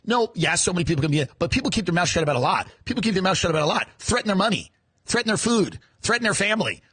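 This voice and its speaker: Man, high lively voice, bright husky tone, sarcastic profane ranting. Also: very fast, no room sound. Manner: sarcastic, profane, heated rhetorical questions. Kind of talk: comedic rant.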